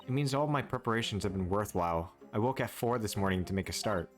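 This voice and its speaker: A man reading as a courteous young woman in disguise, formal and devoted, with lively, varied intonation in his own register. Game music plays behind him. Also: fairly low pitch, fast talker, natural voice. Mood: earnest. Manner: formal, gentle, devoted phrasing. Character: earnest, polite young woman disguised as lawyer.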